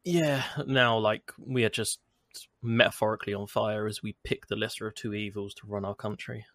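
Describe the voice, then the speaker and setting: Co-host, gravelly voice, sarcastic and rambling, dry close mic. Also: male voice, fairly low pitch, steady tone, moderate pace, a bit bright, no room sound. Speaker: podcast co-host. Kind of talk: casual gaming podcast chat.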